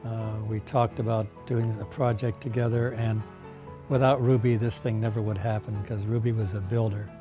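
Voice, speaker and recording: An older man telling stories in a documentary interview, unhurried, with fillers and soft laughs. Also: fairly low pitch, flat delivery, lo-fi sound, over music.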